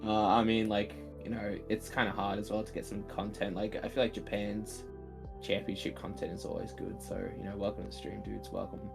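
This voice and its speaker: A man co-hosting a card game livestream, relaxed and rambling, often dropping into quieter asides while greeting viewers. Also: fairly low pitch, a little fast, vocal fry, over music. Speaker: co-host and commentator. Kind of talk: casual livestream commentary.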